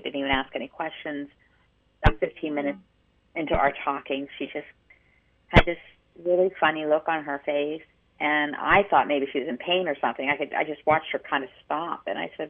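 Low-voiced woman on a tinny line. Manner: animated storyteller, many restarts. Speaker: radio show co-host. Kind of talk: casual radio chat, storytelling. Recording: tinny phone-line sound.

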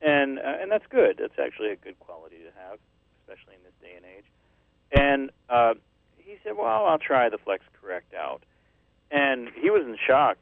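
A man's voice: mid-range voice, very animated, normal speed, creaky, no room sound. A man hosting a radio talk show, chatting in an affirming, conversational way. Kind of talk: casual radio chat. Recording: dry, tinny phone-like line.

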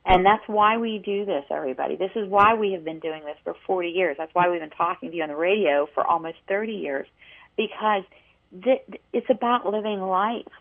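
A woman co-hosting a radio talk show, telling a story in an animated way with many restarts. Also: lowish voice, brisk. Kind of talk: casual radio chat, storytelling. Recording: tinny phone-line sound.

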